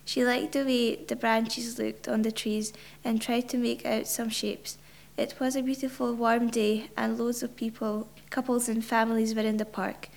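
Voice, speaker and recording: A woman's voice: on the high side, level tone, normal speed, creaky. A woman reading a short story aloud, hesitant, with ums and repeated words. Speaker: story reader.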